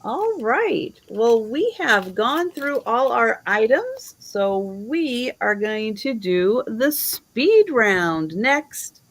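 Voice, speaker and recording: A woman hosting a live online sale, showing items slowly and admiringly and counting down the bidding. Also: on the high side, big pitch swings. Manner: slow, admiring, auctioneer-style counting.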